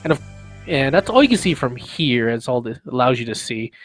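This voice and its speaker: A man's voice: mid-range voice, sing-song, brisk, faint music behind, rough recording. A man running a tabletop game as game master, describing the scene casually with many fillers.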